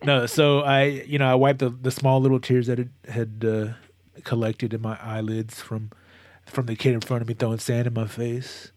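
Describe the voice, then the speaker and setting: A man chatting casually as a co-host, telling a long, animated story with many restarts and moments of emotion. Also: medium pitch, normal speed, no echo. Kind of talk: casual chat.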